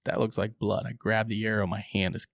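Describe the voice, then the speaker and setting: Low gravelly man telling a wild story. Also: brisk, no room sound, clean studio sound. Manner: animated, swears casually, acts out his own quotes. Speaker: podcast co-host telling a hunting story. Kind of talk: excited casual storytelling.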